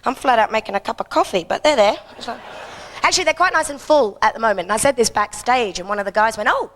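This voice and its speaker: A woman's voice: fairly high pitch, animated, fast talker, slight background noise. Brash woman doing bawdy stand-up. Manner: bawdy, brash, punchy delivery. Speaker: stand-up comic. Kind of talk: stand-up comedy routine. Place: outdoor festival stage.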